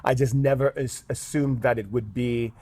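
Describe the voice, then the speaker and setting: A man's voice: mid-range voice, steady tone, moderate pace, mellow. A man, a guest shaman in an interview, telling a story earnestly with many fillers. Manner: earnest, with frequent "um" and "like".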